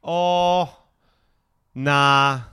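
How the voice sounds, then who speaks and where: Young male podcast co-host, lively storyteller who swears freely, slightly high voice, dry close sound. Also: drawn-out words, smooth, dry recording. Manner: animated, swears freely, laughs often. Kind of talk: casual chat, storytelling.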